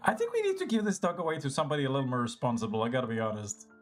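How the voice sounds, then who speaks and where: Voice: medium pitch, wildly swooping pitch, racing. Rambling, self-mocking streamer over game music. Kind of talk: casual live-stream commentary.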